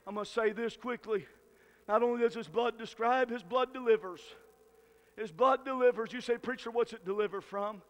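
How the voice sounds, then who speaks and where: A man from Michigan preaching a fiery Baptist revival sermon in folksy rural talk, shouting at the peaks and stretching out key words. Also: high voice, in a large hall. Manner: shouting climaxes and slow drawn-out emphasis.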